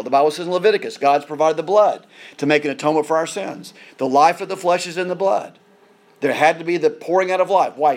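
Guy preaching a sermon, kinda high voice, earnest, repeats himself a lot. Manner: earnest, repeats words and restarts while building emphasis.

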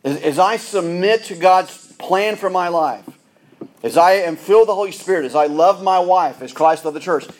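A middle-aged man preaches to his congregation in a somewhat high voice. He is earnest and often doubles back, repeating a word before he finds the rest of his sentence. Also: moderate pace. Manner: earnest, repeats words and restarts phrases. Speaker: pastor. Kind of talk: sermon.

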